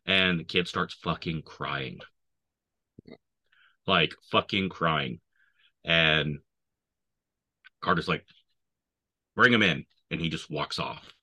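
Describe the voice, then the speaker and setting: Very deep, bright, cutting man, profane veteran storyteller. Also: steady tone, slow pace, long pauses. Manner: profane, swears constantly. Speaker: army veteran. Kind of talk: casual war storytelling.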